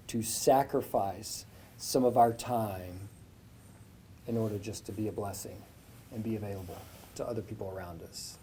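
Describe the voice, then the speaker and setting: A man's voice: on the low side, warm tone, a little hiss or hum. A man giving an inspirational speech with a faith message at a breakfast event, telling a story in a conversational way. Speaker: guest speaker at a business breakfast.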